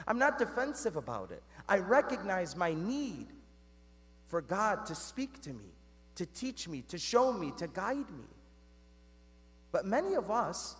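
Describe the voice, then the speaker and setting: In a church with long reverb, a Catholic priest's voice sits high and sounds a bit bright. He preaches in an earnest, conversational manner, calling the congregation "guys" and asking them questions.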